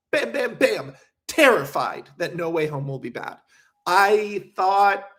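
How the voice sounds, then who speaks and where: A young man chatting casually on a livestream, reading viewer questions and rambling in an animated way, with frequent swearing. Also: on the high side. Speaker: streamer.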